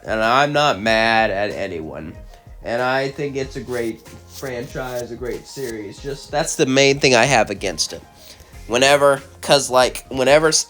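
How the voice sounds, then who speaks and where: A man hosting his own channel, telling a crossover story in a casual way and then ranting in an animated, exasperated voice, with a slight cough. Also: medium pitch. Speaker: channel host, narrator.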